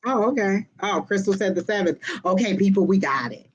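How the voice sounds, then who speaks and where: A woman reading tarot live for viewers, talking quickly and directly to her audience in a lively, chatty way. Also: medium pitch, muffled recording, slight background noise. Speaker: tarot and psychic reader.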